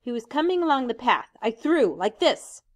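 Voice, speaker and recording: A woman puts on a young schoolboy in a storybook reading, proud and keyed up. The voice is lifted high above her narration and pushes its words out eagerly and insistently. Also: very animated, normal speed. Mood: excited, boastful. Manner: eager, insistent, raised pitch. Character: proud excitable schoolboy on an island, about twelve.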